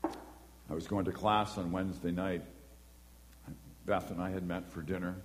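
A man's voice: low-pitched, a little slow. Man preaching in a reverberant hall. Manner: animated storytelling, acts out voices and horn beeps. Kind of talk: sermon with personal story.

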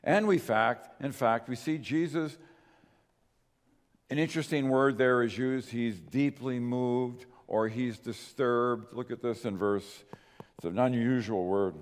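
A male pastor delivering a sermon, earnest and emphatic, swinging between raised stresses and quiet drops. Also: mid-range voice. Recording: long hall reverb.

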